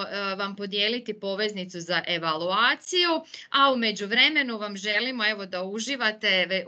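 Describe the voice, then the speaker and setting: A woman's voice: medium pitch, pushed and bright. A woman from Croatia hosting a webinar over a video call, giving practical notices in a hesitant way with frequent fillers. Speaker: webinar host. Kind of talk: webinar announcements.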